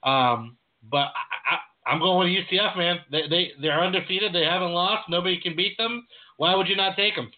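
Guy co-hosting sports talk, lots of uh's, kinda high voice, sounds like it's on a phone line. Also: moderate pace. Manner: easygoing, filler-heavy with frequent uh. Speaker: sports podcast co-host. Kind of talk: casual sports chat.

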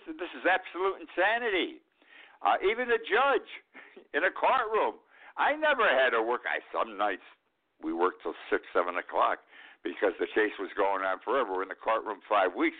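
An older man hosting a talk show, giving an indignant, emphatic political commentary and repeating his points. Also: on the low side. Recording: tinny phone-like line.

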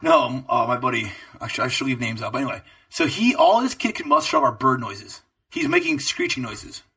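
A man's voice: fast talker, slightly rough, far from the mic. A young man co-hosting a podcast, telling a long story in a loose, profane way with lots of energy. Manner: animated, profane storytelling with swooping pitch. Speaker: podcast co-host. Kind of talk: casual storytelling chat.

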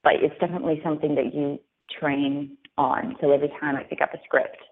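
Over a tinny phone line, this young actress guest talks fast in a low, steady voice. Her accent mixes Australian with American, and she keeps the interview chat upbeat, full of fillers.

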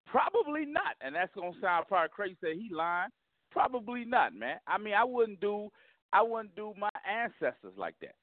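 A man's voice: high voice, very animated, fairly quick, no room sound, narrow, tinny audio. A man, a comedian calling into a radio show, speaking emphatically and repeating himself as he makes his points in street slang. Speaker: comedian guest. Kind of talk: phone interview.

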